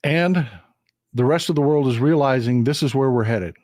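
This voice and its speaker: A man with a Texan drawl talks straight to his live-stream audience, pressing his points with emphatic repetition. His voice sits at an ordinary middle pitch. The sound is dry and close, with no room around it. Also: moderate pace, a little mellow, no echo. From Texas. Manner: emphatic, repetitive, addresses viewers as folks. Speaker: live-stream political commentator. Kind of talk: casual political monologue.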